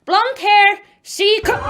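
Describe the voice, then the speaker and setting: A woman doing a sarcastic, animated book review commentary with mocking, exasperated outbursts. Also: extremely high pitch, noisy background.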